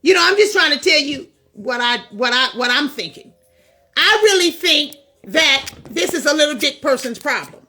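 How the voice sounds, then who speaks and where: A woman's voice: sits high, expressive, normal speed, pushed and bright. A woman hosting a vlog, talking in a blunt, frank casual monologue with many fillers, recorded on a phone. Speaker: vlog host.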